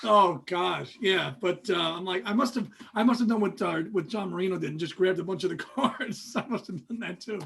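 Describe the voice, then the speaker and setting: A man's voice: sits high, a little fast, gravelly, hardly any pauses, a bit bright, slightly rough. A man co-hosting a podcast, chatting casually with his partner and laughing as he tells stories. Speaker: podcast co-host. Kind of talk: casual chat.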